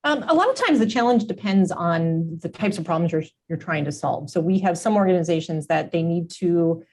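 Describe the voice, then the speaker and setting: A woman's voice: lowish voice, expressive, fairly quick, a little mellow, slight background noise. A woman executive, a guest in a tech business interview, explaining her company's approach fluently.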